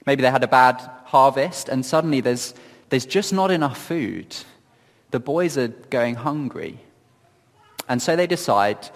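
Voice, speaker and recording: A man giving reflective Bible teaching in a gentle, earnest storytelling manner, often asking questions of his listeners. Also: medium pitch, expressive, unhurried, long reverb tail. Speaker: preacher.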